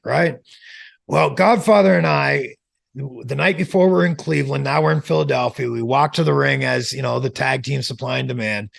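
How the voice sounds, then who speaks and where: A man being interviewed as a former pro wrestler, telling stories in a lively way, acting out quotes and laughing as he goes. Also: on the high side, creaky. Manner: animated storyteller who acts out quotes and laughs. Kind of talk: casual storytelling interview.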